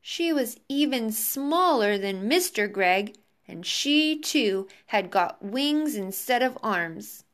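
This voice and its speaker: Woman teacher, read-aloud to pupils on a video call, slow, lively pitch. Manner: slow, expressive, warm sign-off to pupils. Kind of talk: reading a children's book aloud to a class.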